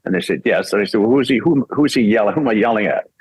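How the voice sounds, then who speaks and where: A man's voice: fairly low pitch, expressive, rapid-fire, a little mellow, husky, no echo, poor audio. An older man from Canada, a voice actor and singer, telling a casual story and acting out the voices he quotes, laughing often.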